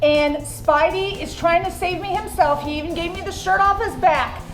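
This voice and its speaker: A woman's voice: very high-pitched, moderate pace. A woman producer delivering a cheerful promo in a chirpy way. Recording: echoey with faint music.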